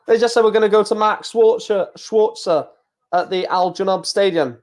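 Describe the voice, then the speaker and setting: A man's voice: high voice, brisk. A man chatting casually through a live match watchalong, laughing often and swearing. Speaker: live streamer.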